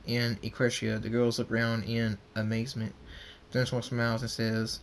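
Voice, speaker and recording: A man of middling pitch reads a homemade story aloud, stumbling and restarting over words. His voice is plain, with a faint hiss beneath it. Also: monotone. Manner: halting, with restarts and slips. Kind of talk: reading homemade fan fiction aloud.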